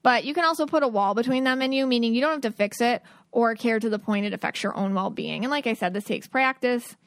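A woman in her thirties talks through her podcast in a casual, earnest way, full of "like" and little laughs. Her voice sits a bit high, and the sound is dry and close, with no room around it. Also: fast talker, dry recording. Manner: earnest, chatty advice-giving with frequent "like" and laughs. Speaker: podcast host. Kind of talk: casual solo podcast talk.

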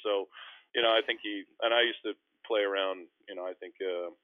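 A man tells a story quickly and with energy, dropping into other voices whenever he quotes someone. His voice sits a little low. The sound is dry and narrow, as if it came down a phone line. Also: no echo. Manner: animated, acts out quotes in varied voices. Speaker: former pro basketball player, guest. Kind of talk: casual storytelling.

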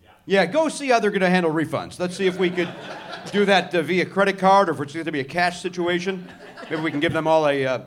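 A man's voice: high-pitched, fast. A man hosting a live comedy podcast on a theatre stage, riffing sarcastically and swearing freely.

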